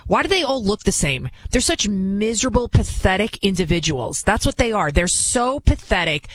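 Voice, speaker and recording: A man's voice: high voice, big pitch swings, normal speed, a bit bright, dry recording. A male radio talk show host delivering an indignant, repetitive monologue.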